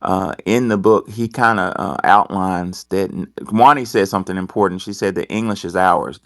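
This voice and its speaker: A man hosting a talk show with a very deep voice, telling a story loosely with many ums. The recording is dry and close, with no room sound. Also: moderate pace, dry recording. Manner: rambling, hesitant, full of ums. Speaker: host. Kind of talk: casual talk-show discussion.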